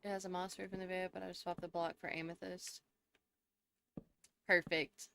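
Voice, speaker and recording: A woman's voice: lowish voice, flat delivery, moderate pace, gravelly, a bit bright, slight background noise. A woman, live-streaming a game and chatting casually with her viewers, laughing often as she goes. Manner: chatty and giggly, answering chat. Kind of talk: casual chat with viewers while gaming.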